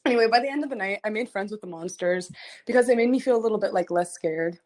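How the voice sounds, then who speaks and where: A young woman, a singer hosting a livestream, chatting casually and telling a story in an animated, rambling way, giggling often and repeating herself. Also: mid-range voice, quick pace. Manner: frequent giggling. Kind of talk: casual chat.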